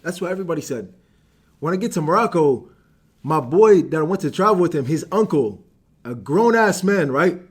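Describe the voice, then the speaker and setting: A man's voice: on the high side, animated, moderate pace, breathy edge. Heated young man ranting on stream. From Algeria. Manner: heated, repeats "bro", swears. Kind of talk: casual stream rant.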